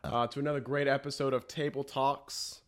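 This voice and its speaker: A man's voice: mid-range voice, flat delivery, normal speed, a bit bright. A young man hosting a casual podcast chat, crude and joking, laughing often. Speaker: podcast host.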